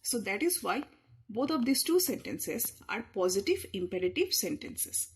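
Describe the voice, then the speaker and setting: A woman teaching an English grammar lesson, explaining each point slowly and patiently with repeated examples. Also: fairly high pitch, big pitch swings, husky. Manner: leans hard on key words when showing emphasis.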